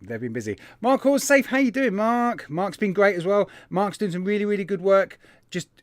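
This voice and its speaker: A man's voice: high-pitched, expressive, normal speed, dry recording. A man hosting a live stream, chatting in a casual, upbeat way and greeting viewers one by one. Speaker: host of a vaping live stream.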